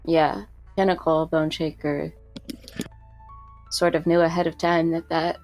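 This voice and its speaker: A woman's voice: sits low, flat delivery, a little slow, a little mellow, soft background music. A woman playing in a tabletop game, asking curious, probing questions. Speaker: player. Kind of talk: casual tabletop game chat.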